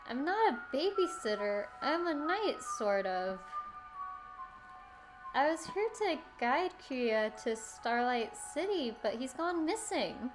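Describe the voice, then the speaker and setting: A woman's voice: sits high, exaggerated voice. A woman reading the lines of a young woman knight, earnest and confused, in a let's play of a visual novel.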